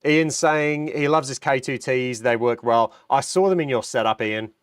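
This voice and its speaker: A man's voice: medium pitch, moderate pace, smooth, no echo, studio quality. Man with a stuffy, nasal voice. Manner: enthusiastic, chatty, reads viewer comments. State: nasal from a cold. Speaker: livestream host. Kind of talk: casual livestream chat.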